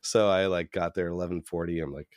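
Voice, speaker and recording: A young man co-hosts a podcast with a steady, fast, darkish voice and no room sound. In casual chat he tells stories, laughing, and acts out the people he quotes in higher voices.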